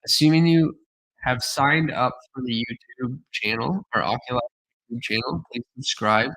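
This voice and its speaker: A man's voice: medium pitch, normal speed, fairly bright tone, rough recording. A man hosting a design livestream, thinking aloud with many fillers, tired and slightly losing his voice. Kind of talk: casual livestream commentary.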